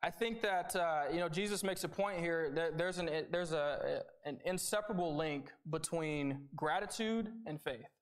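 A man's voice: a little high, moderate pace, few pauses. A young man giving a conversational sermon, earnest and informal, often checking in with "right?". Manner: conversational, earnest, with repeated starts and "right?" asides. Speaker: preacher.

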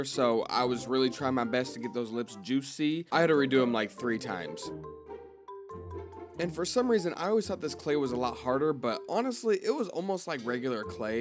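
Chatty young man over music. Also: medium pitch. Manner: chatty, confiding. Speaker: craft vlogger. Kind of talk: casual voice-over.

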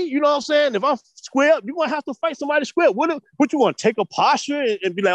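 A man from the US East Coast, a martial arts teacher talking casually in an interview, animated and profane, full of street slang and "you know what I'm saying.". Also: very high-pitched, racing, hardly any pauses, no echo.

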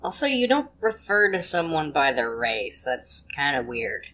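A slow, measured commentator cuts in with terse, deadpan rebuttals. The delivery stays even and unhurried, with the dry tone of someone correcting the record. A faint hum sits under the voice. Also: mid-range voice. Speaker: reaction commentator.

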